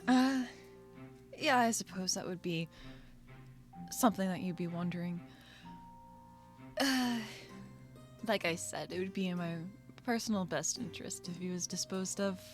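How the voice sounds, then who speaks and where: A woman's voice: fairly low pitch, a little slow, long pauses, soft background music. A woman in a tabletop role-play game, speaking hesitantly with many fillers as a scheming client. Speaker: player voicing the client.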